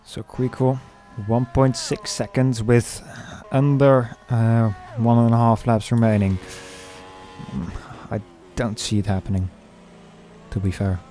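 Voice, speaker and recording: A man commentating a sim race, calling the action with many pauses and fillers. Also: medium pitch, flat delivery, dark tone. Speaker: lead commentator.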